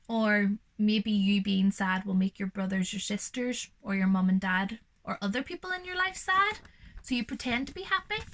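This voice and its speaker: Young female teacher reading a picture book to kids; gentle, reassuring, bright and animated. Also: medium pitch. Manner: gentle, reassuring, speaking directly to young children. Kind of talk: reading a picture book aloud to children, with explanations.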